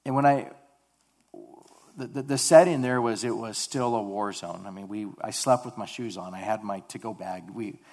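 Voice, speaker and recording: A man giving an earnest sermon testimony about his mission work, halting and often repeating words as he speaks. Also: lowish voice, a little mellow.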